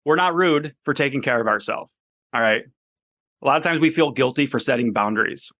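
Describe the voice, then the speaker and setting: A man's voice: medium pitch, animated, a little fast, fairly bright tone, dry recording. A man co-hosting a casual podcast chat, blunt and profane, laughing often. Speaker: podcast co-host.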